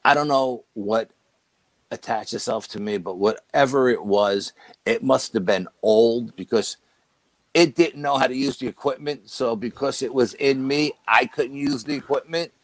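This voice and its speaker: A man's voice: mid-range voice, normal speed, no room sound, low-quality recording. A man, a guest on the show, telling a story casually and acting out the dialogue with "I go" and "she goes". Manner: animated retelling that quotes dialogue with "I go" and "she goes". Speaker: guest recounting a paranormal investigation.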